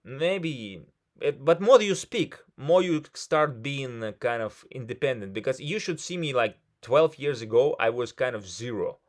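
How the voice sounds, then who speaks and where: A man's voice: mid-range voice, measured pace. Chatty Russian-accented man coaching English. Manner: switches into Russian mid-thought, energetic and chatty. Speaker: English conversation club host. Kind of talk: casual coaching chat.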